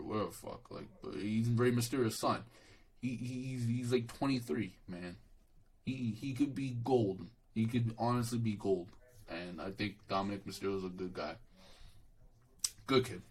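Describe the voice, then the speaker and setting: Low-voiced young man ranting dismissively. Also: rough recording. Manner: swearing, dismissive, rambling with restarts and "bro". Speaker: wrestling show reviewer. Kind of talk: casual solo review rant.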